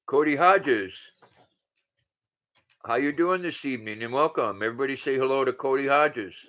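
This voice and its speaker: A man's voice: mid-range voice, moderate pace, fairly bright tone. A man in his sixties hosting a casual livestream, greeting viewers by name and reading their comments aloud. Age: 60s. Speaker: livestream host. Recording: dull lo-fi sound.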